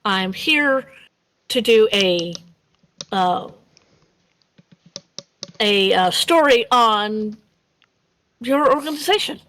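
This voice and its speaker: A woman's voice: medium pitch, lively intonation, fairly bright tone, far from the mic. A woman voicing a chatty, hesitant young woman reporter who stumbles over her fillers in a tabletop game. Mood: introducing herself. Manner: halting, full of fillers.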